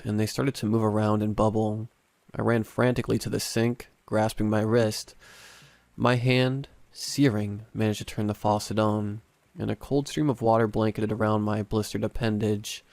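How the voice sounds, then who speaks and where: A man narrating a first-person horror story in a measured, dramatic way. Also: lowish voice, level tone, darkish tone, no echo.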